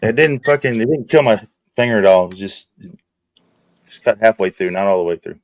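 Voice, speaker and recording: A man's voice: fairly low pitch, lively intonation, fairly quick, no echo. A middle-aged man telling rambling, profane work stories in casual chat as a stream host. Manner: rambling, profane, laid-back.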